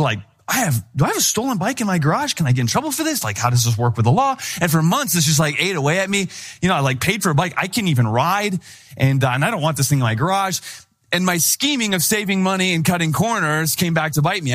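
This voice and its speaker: A man's voice: mid-range voice, fairly bright tone. A young man from Wisconsin, a pastor, preaching a sermon that opens with a casual personal story full of acted-out dialogue.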